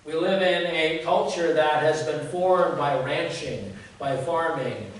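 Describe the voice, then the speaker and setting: A folksy, joking man in his fifties preaching a relaxed sermon and tossing rhetorical questions to the pews. His voice sits a bit high for a man. It is caught from a distance in a very echoey church with a faint hiss. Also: slow. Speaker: pastor. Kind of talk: conversational sermon. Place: church sanctuary.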